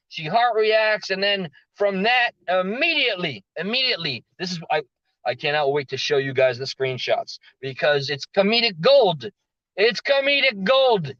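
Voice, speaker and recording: A slightly hoarse man telling a story in a rambling rant, with frequent restarts and fillers. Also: sits high, animated, normal speed, fairly bright tone, no room sound, highs cut off. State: slightly hoarse, losing his voice. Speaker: vlogger recounting a story.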